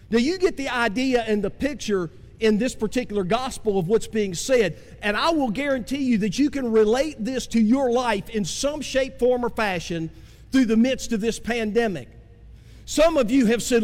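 A man preaching a sermon as pastor, swinging from impassioned cries down to slow, low emphasis. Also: lively intonation, darkish tone. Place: church sanctuary. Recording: long hall reverb.

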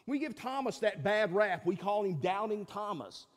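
A man's voice: high-pitched, animated, normal speed, in a large hall. A male pastor, preaching a sermon in a conversational, folksy way with fillers and emphatic peaks.

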